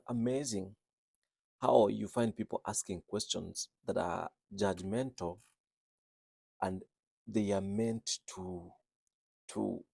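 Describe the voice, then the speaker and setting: A man's voice: fairly low pitch, creaky, a little mellow, breathy edge, no room sound. A man working as a registered nurse, English not his first language, talking earnestly and repeating phrases for emphasis. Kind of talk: reflective talk on speaking with an accent.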